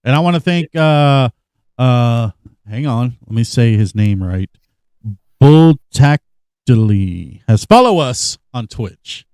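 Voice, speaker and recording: A man's voice: medium pitch, expressive, slow, a little mellow, clean tone, dry recording, clean studio sound. A man co-hosting a sports podcast, joking and rambling with lots of fillers. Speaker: podcast co-host. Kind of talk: casual sports podcast chat.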